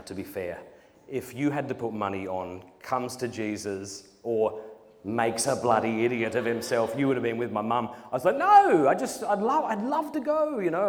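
A young man from South Australia with a mid-range voice tells funny stories in a humorous talk to a conference audience. He's animated, acting out quotes and laughing, and the large conference hall adds reverb with faint noise.

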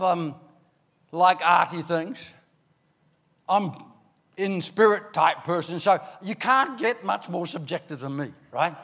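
An older man from Ireland, preaching a sermon as a pastor, telling stories with animated bursts into shouting. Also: high voice. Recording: long hall reverb.

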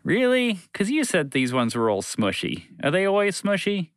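A man playing a bunch of curious, nitpicking kids who pester the storyteller with endless questions, pitched up high. The voices bounce around with lively inflection, in a dry, close recording. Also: normal speed, clear, resonant tone, dry recording. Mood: questioning.

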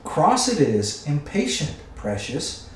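A man's voice: fairly high pitch, huge pitch swings, takes it slowly, far from the mic, full character voice. A man voicing a slimy, wretched cave creature that hisses, whines and calls itself precious. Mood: hissing, wheedling. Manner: hissing, whiny, talks to himself as "precious". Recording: echoey room, away from the mic.

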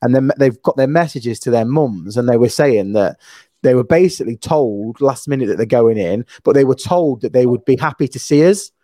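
A man in casual chat, earnest and questioning, with halting restarts. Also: medium pitch, lively intonation, warm tone, no room sound.

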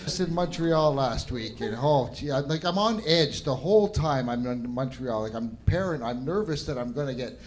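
A man's voice: medium pitch, lively intonation, moderate pace, hardly any pauses, slight background noise. A middle-aged Canadian man doing a stand-up set, rambling and self-deprecating, tagging lines with "right?". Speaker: stand-up comedian. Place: live comedy venue with audience laughter.

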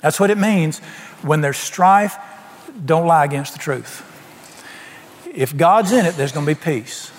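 Older preacher with a high voice. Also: male voice, a little slow, pauses often, long reverb tail, a little hiss or hum. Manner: folksy, emphatic preaching with call-and-response questions. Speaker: pastor. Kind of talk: sermon.

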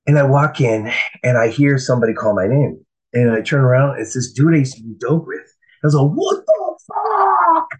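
A man telling his recovery story in a casual, profane, animated way. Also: mid-range voice, brisk, low-quality recording. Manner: profane, animated, acts out voices in quotes. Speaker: speaker sharing a recovery story.

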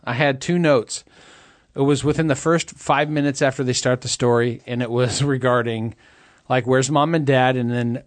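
A man's voice: medium pitch, fairly even intonation, normal speed, no echo. A man co-hosting a podcast, chatting casually about a movie, joking and laughing often and trailing off mid-thought. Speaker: podcast co-host.

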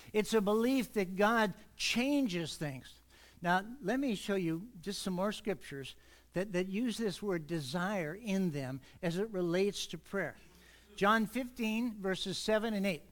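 A man preaching an earnest sermon in church, speeding up when he gets excited. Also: sits high. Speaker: pastor.

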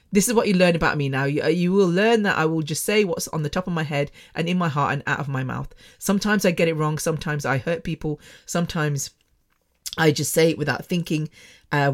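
A woman's voice: low voice, brisk. A middle-aged woman speaks into a microphone from her bedroom as the host of her own podcast. She rambles frankly and emotionally, laughing and restarting as she goes. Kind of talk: candid personal podcast monologue.

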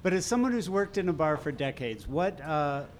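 A man's voice: a little high, sing-song, moderate pace. Hesitant man asking a question, noisy recording. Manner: hesitant, restarts often. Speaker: audience questioner.

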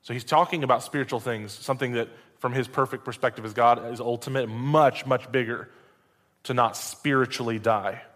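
A man's voice: medium pitch, steady tone, normal speed, a bit bright. A male preacher reading scripture aloud and breaking in with conversational asides and rhetorical questions. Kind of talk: Bible reading with sermon commentary. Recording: long reverb hall.

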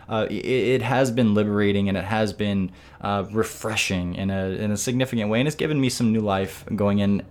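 A man hosts a relaxed gaming podcast in a fairly low voice. He thinks out loud, circling back and restarting his sentences as he goes. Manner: thoughtful, rambling with restarts. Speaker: podcast host. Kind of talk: casual podcast chat.

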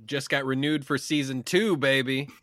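A man's voice: medium pitch, normal speed, a bit bright, no echo, studio quality. A man, a laid-back podcast co-host telling a story in casual chat and swearing freely.

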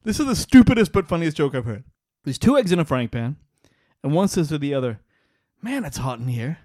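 Man, podcast co-host, high and bright, wildly animated delivery. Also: brisk. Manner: laughs often, swears casually. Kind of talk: casual chat.

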